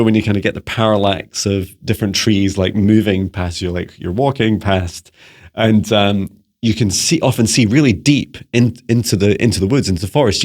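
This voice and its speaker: Rambling low-voiced psychic man. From Scotland. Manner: rambling, many restarts and fillers; playful beeping noises. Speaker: psychic mentor answering viewer questions. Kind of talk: casual channelling monologue.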